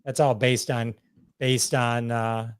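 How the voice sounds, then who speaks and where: A man's voice: mid-range voice, little pitch movement, slow, clear, resonant tone, no room sound, clean studio sound. A man hosting a podcast, bantering loosely and greeting live viewers. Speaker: podcast host. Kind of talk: casual podcast chat.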